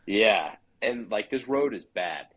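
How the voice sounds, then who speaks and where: A man's voice: fairly low pitch, lively intonation, slow, muffled recording, crowd noise. A man from Idaho, a podcast guest, telling a hunting story in a chatty way full of "like" fillers. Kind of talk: casual storytelling.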